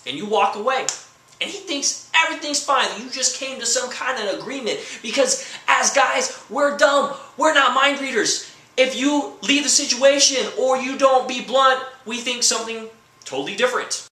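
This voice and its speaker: High-voiced ranting young man. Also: moderate pace, reverberant, low-quality recording. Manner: ranting, acts out quoted girlfriend lines, bursts into shouting. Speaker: comedy vlogger. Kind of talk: comedic rant to camera.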